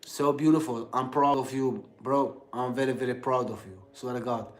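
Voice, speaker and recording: A man from Algeria with an Algerian accent, chatting casually on a livestream in halting English full of fillers and repeated words. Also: mid-range voice, steady tone. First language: Algerian Arabic. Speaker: livestream host.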